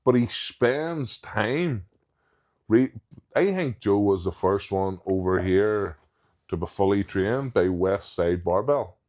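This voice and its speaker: A man, a professional strongman, chatting as a podcast guest. His voice sits fairly low. He talks frankly and matter-of-factly and laughs easily. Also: lively intonation, slow pace, a little mellow. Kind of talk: casual chat.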